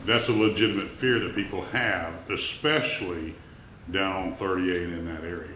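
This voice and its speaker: A man's voice: low voice, fairly even intonation, normal speed, bright, forceful tone, a little hiss or hum. A man serving as planning commissioner, speaking bluntly and directly at a public meeting. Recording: roomy meeting hall echo.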